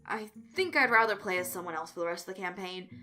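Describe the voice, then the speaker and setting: A woman playing a deadpan teenage comedian. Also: mid-range voice, fast, soft background music. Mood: polite. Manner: deadpan with small stutters.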